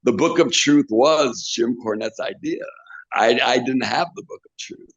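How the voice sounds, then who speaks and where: A man's voice: mid-range voice, measured pace, no room sound. A man in an interview, a wrestling manager and trainer, telling stories with animation and acting out other people's lines. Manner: animated, acts out quotes in others' voices. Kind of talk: interview storytelling. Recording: dull lo-fi recording.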